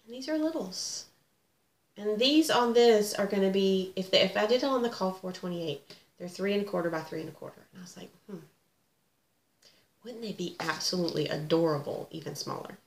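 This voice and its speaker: A woman's voice: medium pitch, a little fast. A middle-aged woman, chatting casually and gushing about her hobby. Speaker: cross-stitch vlogger. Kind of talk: casual chat. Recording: echoey room with faint ambience.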